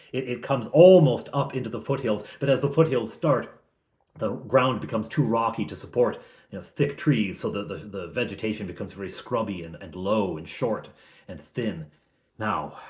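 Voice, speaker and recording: A man's voice: on the low side, a little mellow. A man recapping a tabletop game session as game master, talking conversationally and thinking aloud with frequent restarts.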